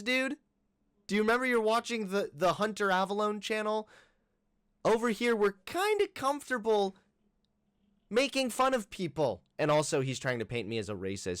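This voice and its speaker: A man's voice: sits high, a bit bright, no room sound. Sarcastic young man, dry close mic. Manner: sarcastic, mocking, profane. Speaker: commentary host. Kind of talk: reacting to a video.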